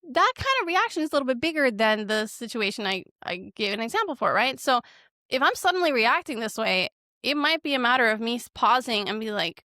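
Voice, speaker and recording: A woman therapist in her thirties or forties, chatting on a podcast and acting out quoted lines with lively shifts. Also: a little high, a little fast, no echo, clean studio sound. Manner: animated, acts out quoted lines. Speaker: marriage and family therapist guest. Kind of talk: casual podcast conversation.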